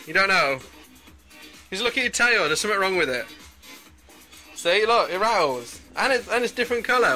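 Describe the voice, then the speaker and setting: Giggly woman, slow and very bright. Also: medium pitch, animated, faint music behind. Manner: giggly, teasing, coos at the dogs in baby talk. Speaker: person filming a friend and pet dogs. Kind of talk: casual home video chat.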